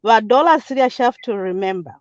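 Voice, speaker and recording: A high, lively woman speaks with emphatic, repetitive force, hopping between languages as she makes her point. Her voice comes through a dull, lo-fi line with a close, dry sound. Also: fairly quick, dry recording. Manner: code-switching, emphatic and repetitive. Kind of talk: impassioned political call-in comment.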